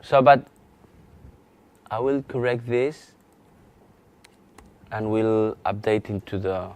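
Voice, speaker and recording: A man with a Spanish accent teaching a live software training lesson, halting often with restarts and fillers as he demonstrates on screen. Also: fairly low pitch. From Spain. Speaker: GIS instructor.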